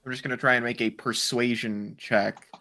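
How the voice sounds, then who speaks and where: A man's voice: mid-range voice, steady tone, normal speed, background noise. A man playing a rogue in a tabletop game, casual and hesitant, with many fillers. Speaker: player. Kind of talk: tabletop role-play chat.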